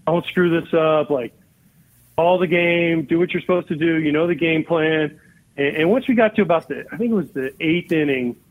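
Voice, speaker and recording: A man in his forties, a podcast guest and former baseball catcher, telling a long story and acting out both sides of old conversations. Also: a little high. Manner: animated, acts out both sides of remembered dialogue. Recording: phone-like narrow-band line.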